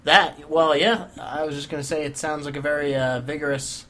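A man's voice: on the high side, fairly even intonation, moderate pace, a bit bright, slight background noise. A man hosting a casual comedy chat show, wry and joking as he leads the segments. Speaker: podcast host.

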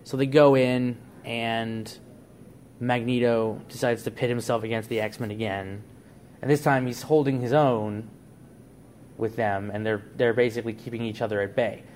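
A man's voice: medium pitch, steady tone, moderate pace, a little mellow, a little hiss or hum. A man on a podcast, casually laying out a plot idea in a rambling way. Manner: rambling storyteller, frequent restarts and "like". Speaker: podcast co-host.

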